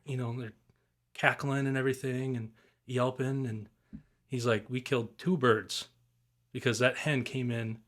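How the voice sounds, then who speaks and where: A young man chats casually on a podcast, rambling through stories in a relaxed, easygoing way. He speaks at an ordinary middle pitch and keeps things loose and informal, with the odd curse word. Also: measured pace. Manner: rambling, laid-back storytelling with swearing and mimicked turkey calls. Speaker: guest turkey hunter.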